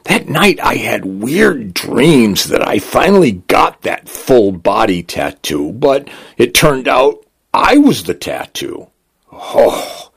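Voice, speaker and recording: A man narrating a comic first-person story in a wry, deadpan way. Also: medium pitch, takes it slowly, gravelly, husky.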